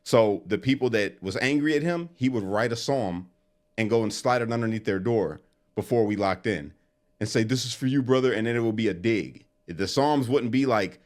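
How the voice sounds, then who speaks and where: A man guest telling an animated story in casual talk. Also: on the low side. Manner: animated, quick storyteller who acts out quotes. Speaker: interview guest.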